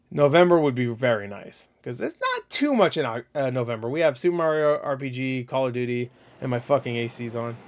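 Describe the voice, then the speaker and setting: A young man hosting a casual solo video of gaming predictions, rambling loosely with many fillers and casual swearing. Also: mid-range voice. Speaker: gaming channel host.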